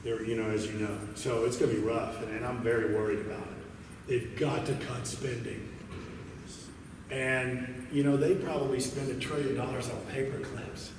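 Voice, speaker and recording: A man's voice: mid-range voice, moderate pace, recorded from a distance, noisy background. Man speaking in an echoey hall. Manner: folksy storyteller, animated in the joke. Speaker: conference speaker. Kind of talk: keynote talk with jokes. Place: large conference hall.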